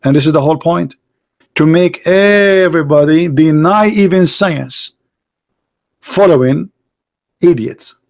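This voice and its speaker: A man's voice: a little high, a little slow, vocal fry, long pauses, darkish tone. Emphatic, scornful man lecturing. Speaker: street debater. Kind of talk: argumentative monologue.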